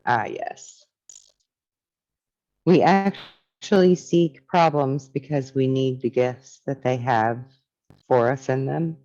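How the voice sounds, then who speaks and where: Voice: mid-range voice, takes it slowly, pauses often, darkish tone, muffled recording. A spiritual teacher talking casually and reflectively, reading from a book and musing on its ideas.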